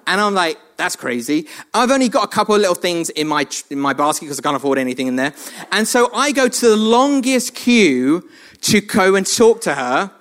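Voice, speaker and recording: A man's voice: high voice, brisk. A man preaching a sermon, telling funny stories about himself and laughing often. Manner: animated, self-mocking storytelling with frequent laughs.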